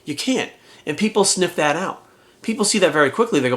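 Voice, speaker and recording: A man's voice: high voice, animated, fast, fairly bright tone. A middle-aged fitness coach talking casually and bluntly to his camera, swearing often as he makes his point. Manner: blunt, profane, heated.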